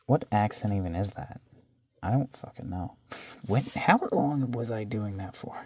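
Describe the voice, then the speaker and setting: A man's voice: lowish voice, expressive, unhurried, slightly rough, dry recording. A man casually narrating to himself as he draws, self-deprecating and swearing now and then, often trailing off into a whisper. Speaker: drawing vlogger. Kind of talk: casual narration while sketching.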